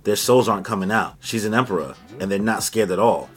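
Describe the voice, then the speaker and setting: A man hosting a casual comic chapter review from his home recording room, talking in a slangy, excitable way with sudden exclamations. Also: fairly low pitch, brisk, few pauses, slightly rough, soft background music. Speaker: manga chapter reviewer, channel host. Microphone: camera setup at home.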